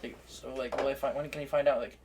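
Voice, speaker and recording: Co-hosting a podcast, this young man tells funny stories while laughing, with quick asides in a casual chat. His mid-range voice is steady in tone, darkish, with vocal fry, and there's a little hiss or hum in the recording.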